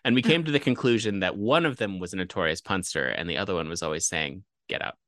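A man chats casually as a podcast co-host, making puns and often laughing. His voice rises and falls with lively movement. The sound is close and dry. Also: sits low, quick pace, dry recording. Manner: playful, punning, laughs often. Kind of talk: casual chat.

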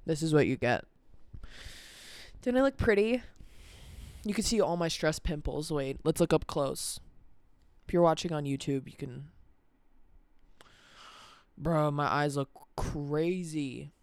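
Tired 18 yr old podcaster rambling and swearing, smooth clear voice, dry close sound. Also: medium pitch, a little slow, pauses often, no echo. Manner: rambling, sweary, lots of "like" fillers. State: tired, stressed. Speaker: podcast host. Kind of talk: casual vlog-style chat. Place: cold indoor room. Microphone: camera on a timer.

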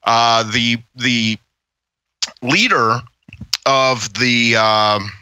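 A man's voice: mid-range voice, drawn-out words, bright, forceful tone, clear, resonant tone, no echo. A man co-hosting a podcast, telling a story animatedly with many fillers and mocking quotes. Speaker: podcast co-host. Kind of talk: casual podcast commentary.

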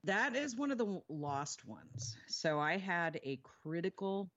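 A woman paranormal investigator telling her experiences in a casual interview, animated and laughing often. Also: lowish voice, a little slow, dull audio.

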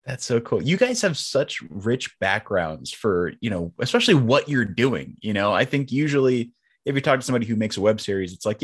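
A man hosting a casual podcast interview, enthusiastic, with halting restarts. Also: mid-range voice, very animated, slightly rough. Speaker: podcast host.

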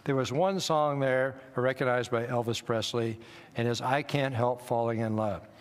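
A man's voice: medium pitch, steady tone, moderate pace. A man in his sixties, a missionary, telling self-deprecating stories to a church congregation in an easygoing, anecdotal way. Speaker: missionary speaker. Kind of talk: church talk with personal stories. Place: church sanctuary. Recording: long hall reverb.

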